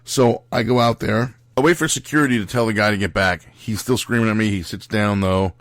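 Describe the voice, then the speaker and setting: A young man tells a story on his podcast in a low voice. He rambles and stumbles, full of fillers and restarts, and he is blunt and foul-mouthed. The recording is close and dry. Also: fairly even intonation, fairly quick, dry recording. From Italian-American background. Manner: rambling, lots of fillers and self-corrections; blunt and profane. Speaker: podcast host telling a wrestling road story. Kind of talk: casual storytelling monologue.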